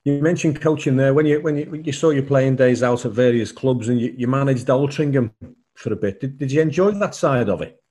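A male podcast host putting brisk, leading questions to his guest. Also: medium pitch, dark tone. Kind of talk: interview questions.

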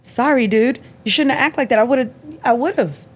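A woman hosting a podcast, telling a dating story in casual chat, animated and profane, acting out both sides of the conversation. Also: a little high, normal speed, slightly rough. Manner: animated, profane, acts out dialogue. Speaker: podcast host.

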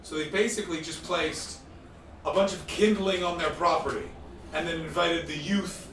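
A man from Canada doing stand-up comedy with crowd work, telling stories in an animated, chatty way. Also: a little high, moderate pace, a little hiss or hum. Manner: animated, chatty storytelling with frequent laughs. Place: live comedy venue with an audience. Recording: roomy, distant stage sound.

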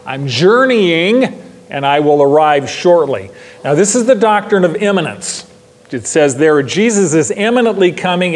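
A man's voice: a little high, darkish tone. A pastor preaching a sermon in a church, stressing his points by repeating them. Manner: emphatic, repeats key lines for stress. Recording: long hall reverb.

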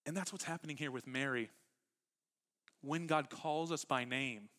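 Conversational pastor preaching warmly. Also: male voice, a little high. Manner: conversational preaching that moves between quiet, intimate lines and animated bursts. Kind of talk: sermon. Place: church sanctuary with live congregation.

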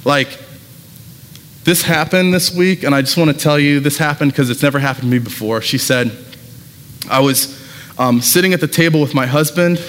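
A man's voice: fairly high pitch, normal speed, long pauses, fairly bright tone. A man preaching a sermon as pastor, talking casually and telling stories with lots of fillers, in a church. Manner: casual, conversational storytelling with many fillers. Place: church sanctuary. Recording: long hall reverb.

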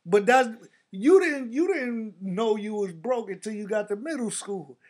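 High-voiced New man telling stories. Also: measured pace. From the Bronx, New York. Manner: animated, laughing storytelling, acting out people he quotes. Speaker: storyteller in a casual conversation. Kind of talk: casual chat.

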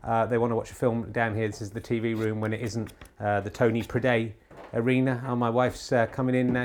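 Rambling deadpan mock sports commentator man. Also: mid-range voice, noisy background. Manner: rambling, many filler pauses; deadpan ironic humour. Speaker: podcast host. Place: home TV room.

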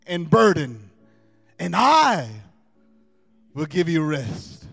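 A man preaching a sermon, emphatic, swinging from soft asides to loud, drawn-out proclamations. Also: high-pitched, sing-song, gravelly. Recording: long hall reverb with faint music.

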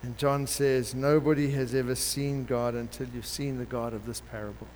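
A man preaching a sermon, telling a parable in an animated way and acting out the characters. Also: medium pitch, normal speed. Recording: long hall reverb with faint background noise.

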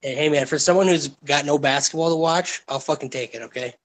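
A man's voice: on the high side, fast. A man co-hosting a casual chat, talking in profane, emphatic rants. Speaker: podcast co-host.

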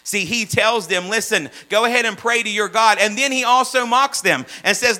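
Male preacher, high bright voice, fervent then hushed, light mains hum. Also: normal speed, few pauses, low-quality recording. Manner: swings from loud fervent runs to hushed low asides. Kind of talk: sermon.

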